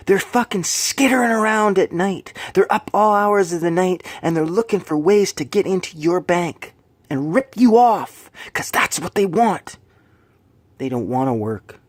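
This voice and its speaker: A man delivering an angry, profane, preachy rant to his viewers, swinging between loud bursts and low, hushed lines. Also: no echo. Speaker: vlogger.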